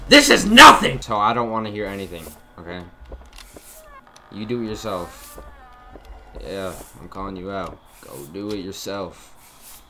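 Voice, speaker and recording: Deep-voiced and joking around, this young man plays a horror game for his YouTube audience, talking straight to them in a chatty way. He's in a dark room at home with a desk mic and face cam, and there's noise in the background.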